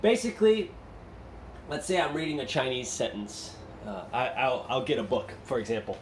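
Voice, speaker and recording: A man's voice: medium pitch, very animated, moderate pace. A male English teacher giving a recorded class lecture, explaining and rephrasing his points as he goes. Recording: echoey room with faint noise.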